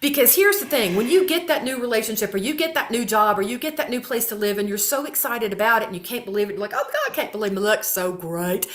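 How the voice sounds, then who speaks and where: A woman, a talk show guest chatting casually, animated and swearing freely. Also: a little high, fast, hardly any pauses. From Mississippi, US. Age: 50s. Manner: animated, swears freely, addresses listeners as y'all.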